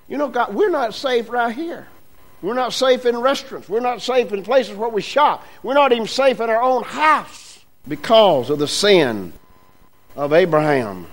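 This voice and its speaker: High-voiced man preaching emphatically. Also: low-quality recording. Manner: emphatic preaching with repetitions and rising, falling emphasis. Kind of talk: sermon.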